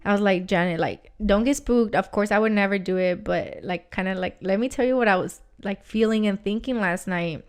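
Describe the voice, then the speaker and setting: Woman, casual storytelling, smooth clear voice, animated, lots of swearing. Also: medium pitch, brisk, hardly any pauses. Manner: animated, swearing, heavy use of "like". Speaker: podcast co-host.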